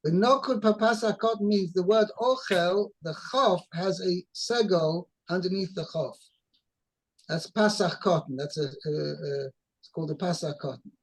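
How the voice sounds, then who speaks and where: A man's voice: high-pitched, moderate pace, low-quality recording. A man teaching a text-study lesson, explaining word by word with many restarts. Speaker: Torah teacher.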